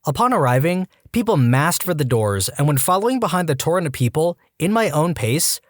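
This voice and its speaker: Lively, animated male story narrator. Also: a little high, no echo, clean studio sound. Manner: animated storytelling, quick asides. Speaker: podcast narrator. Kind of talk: scripted narration of reader stories.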